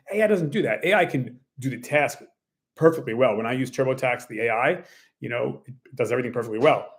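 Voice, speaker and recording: A man in a mid-range voice talks casually to camera about running a small business. He rambles and leans on fillers, often slipping into quick acted-out quotes of what people say. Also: medium pitch, animated. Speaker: small business owner and tennis coach.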